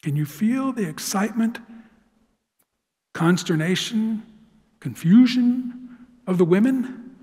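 A man preaching a sermon in a church sanctuary, telling the story with lively, dramatic flair. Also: high-pitched, slow, pauses often. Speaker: pastor. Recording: long church hall reverb.

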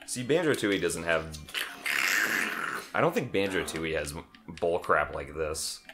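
A man with a very low, deep voice chats casually over a video game playthrough. He is relaxed and teasing, and laughs often. Faint game music plays in the background. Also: unhurried. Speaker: let's play co-host. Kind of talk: casual gameplay chat.

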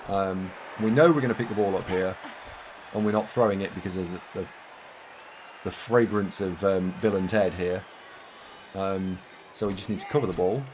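A man's voice: low voice, fairly even intonation, normal speed, darkish tone, a little hiss or hum. A man with a Yorkshire accent casually commentating his own game live, thinking aloud and chatting with viewers. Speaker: game streamer.

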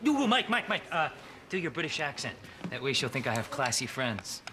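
An actor playing an excitable, loud, giggly friend in a sitcom. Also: male voice, mid-range voice, normal speed, very noisy, natural voice. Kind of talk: sitcom acting.

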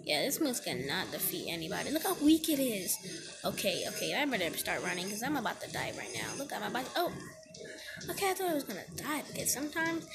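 Excitable girl narrating her gameplay. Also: medium pitch, quick pace. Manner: excitable, chatty, slips into put-on voices. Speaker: gaming video creator. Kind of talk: casual game commentary. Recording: game music underneath.

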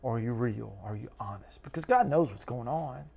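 A man's voice: mid-range voice, animated, fairly quick, vocal fry, a little mellow, breathy edge. A man teaching a Bible study as pastor, earnest and conversational, asking his listeners question after question. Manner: earnest, talks to listeners with repeated questions, acts out quotes.

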